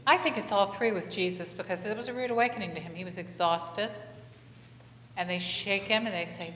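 A woman pastor's mid-range, fairly bright voice holds a steady tone at a moderate pace as she preaches conversationally, posing many questions to the congregation and telling animated stories. Recorded in a church sanctuary, the echoey hall carries faint ambience and slight background noise.

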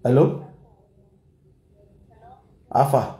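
A man with a Nigerian Pidgin English accent giving animated gossip commentary, switching languages and mimicking people. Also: drawn-out words, roomy sound. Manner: animated, mixes Pidgin and Yoruba, shouts and mimics. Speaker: gossip vlogger. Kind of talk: excitable commentary vlog.

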